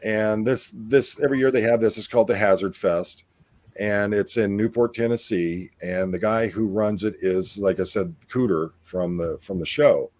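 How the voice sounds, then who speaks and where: Deep-voiced rambling male host. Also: moderate pace, darkish tone. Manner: rambling, with many fillers and restarts. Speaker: podcast host. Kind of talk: casual chat.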